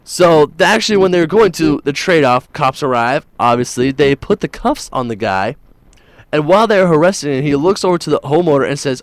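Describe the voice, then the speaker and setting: A man's voice: fairly high pitch, animated, a little fast, no echo. Upbeat male morning show host. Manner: rambling, jokey storytelling with many fillers. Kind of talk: casual radio-style chat.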